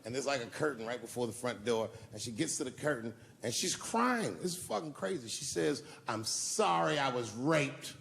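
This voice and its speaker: This stand-up comic sounds animated and brisk, his gravelly, fairly bright voice sitting in the middle range with few pauses. Performing live, he spins profane stories at length and chats loosely with the crowd as he answers their questions.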